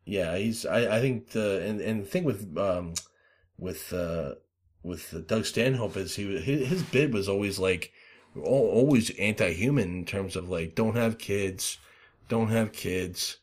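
A man hosting a casual podcast, rambling through stories with lots of fillers, swearing and loud acted-out quotes. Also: deep voice, lively intonation, a little slow, husky. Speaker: podcast host.

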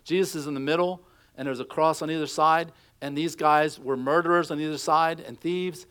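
Middle-aged pastor preaching conversationally. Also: male voice, a little high, steady tone, normal speed, fairly bright tone, clear, resonant tone. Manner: conversational storytelling, acting out quotes. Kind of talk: sermon.

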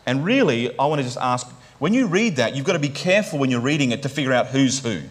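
A man's voice: mid-range voice, lively intonation, fast talker. A man preaching a sermon in a conversational way, often checking in with "right?" and restarting his phrases.

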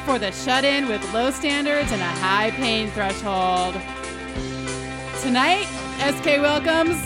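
A woman reading a playful opening announcement for a comedy podcast, laughing between takes. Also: high voice. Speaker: guest announcer. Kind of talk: show intro announcing.

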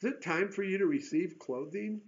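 Pastor with a slightly high voice, lo-fi. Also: male voice, moderate pace. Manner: reads scripture then adds casual, joking asides. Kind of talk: verse-by-verse Bible teaching.

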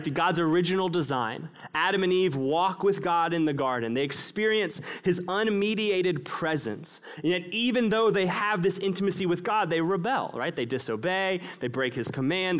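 A male pastor preaching a sermon, swinging between raised, emphatic passages and hushed, low ones.

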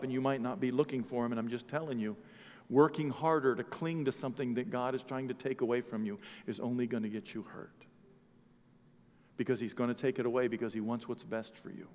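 A man preaching a sermon as pastor, swinging between quiet talk and loud emphatic preaching. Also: mid-range voice, big-room sound.

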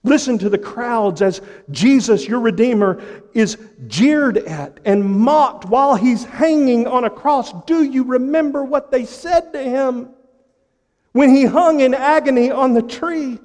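Male pastor, high tenor, impassioned sermon delivery, long church reverb. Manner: impassioned preaching with dramatic pauses and sudden drops to a hush.

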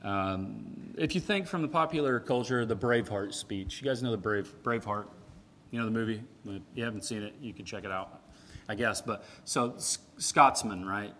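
A man preaching a sermon in a conversational, animated way, swinging from loud emphatic peaks to quiet asides. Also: lowish voice, moderate pace, a little hiss or hum. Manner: animated, conversational, with frequent "right?" and "like".

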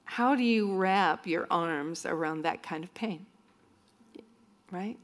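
A woman's voice: lowish voice, takes it slowly. A woman minister telling stories in a sermon-style talk to a church group, often acting out what other people said. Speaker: minister speaking to students.

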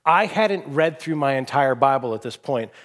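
Animated storytelling pastor, man in his forties. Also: mid-range voice, moderate pace. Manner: animated storytelling, rambling restarts. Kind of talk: sermon. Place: church stage.

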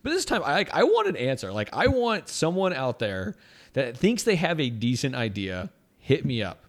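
Young male co-host, casual chat, expressive pitch, talks in loose rambling runs. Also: normal speed. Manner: animated, rambling with restarts and "right?" tags. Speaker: podcast co-host.

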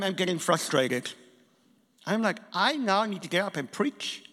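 A man with a high voice preaches a sermon, telling a story and acting out the people in it. His voice rings out with a long reverb from a large church hall. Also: normal speed. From England and South Africa. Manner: animated storytelling preacher, acts out quotes.

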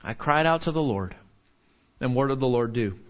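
Earnest pastor, dull recording. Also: male voice, mid-range voice, expressive, normal speed. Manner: earnest, asks the group questions, many restarts. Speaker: pastor teaching a Bible study. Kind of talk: conversational sermon.

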